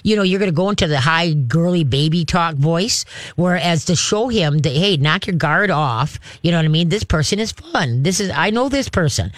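A folksy middle-aged man rambles through dog-training advice on a call-in show, now and then slipping into little voices. His voice sits a bit high for a man, and the sound is dry and close. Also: animated, fairly quick, no room sound. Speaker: dog trainer answering a caller.

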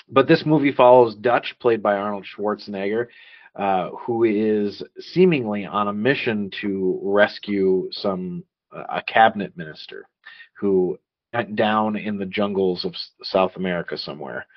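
A man's voice: on the low side, lo-fi sound. A man in his thirties hosting a casual podcast, rambling with frequent laughs and restarts. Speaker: podcast host.

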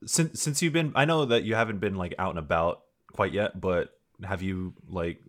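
A man's voice: low voice, moderate pace, fairly bright tone. A man in casual podcast chat, joking and trying out playful impressions.

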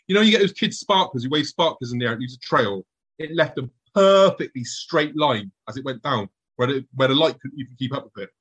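A middle-aged man telling a tense personal story to an audience, acting out his past thoughts in a hushed voice. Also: on the high side, slightly rough, rough recording.

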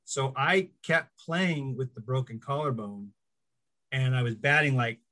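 A man's voice: mid-range voice, a little slow. A middle-aged man telling stories in a casual interview, acting out the voices of people he quotes. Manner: animated anecdotes, acts out quoted voices. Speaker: guest.

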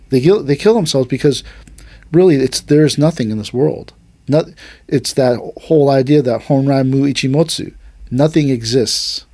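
Animated man telling a dojo story. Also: mid-range voice, no room sound. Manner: animated storyteller, acts out quotes. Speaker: aikido instructor and podcast host. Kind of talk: casual storytelling chat.

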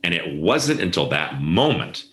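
Deep-voiced middle-aged man telling stories. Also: a little slow, a little hiss or hum. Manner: animated storyteller acting out quoted voices. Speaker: guest, event planner. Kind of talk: casual storytelling interview. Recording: echoey room.

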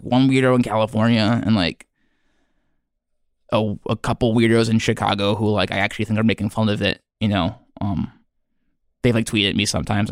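A man hosting a podcast in a rambling comedic monologue, halting and earnest, full of fillers and restarts, sounding self-doubting. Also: lowish voice, gravelly, dry recording, studio quality. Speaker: podcast host.

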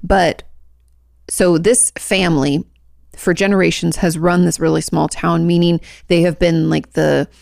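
Chatty low-voiced woman with gravelly edge. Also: steady tone, unhurried, a little mellow, no room sound, clean studio sound. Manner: chatty, rambling storyteller with lots of fillers. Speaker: podcast co-host. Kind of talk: casual chat.

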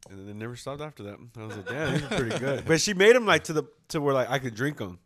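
A young man hosting a casual podcast chat, joking and animated as he retells stories. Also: medium pitch, rapid-fire. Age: young adult. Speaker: podcast host.

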